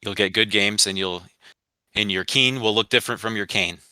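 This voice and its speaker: A man's voice: lowish voice, moderate pace, bright, forceful tone, clear, resonant tone, no room sound. A man from the Midwest with a Michigan accent, co-hosting a sports podcast in a rambling, chatty way with many asides. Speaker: podcast co-host. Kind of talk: casual sports podcast chat.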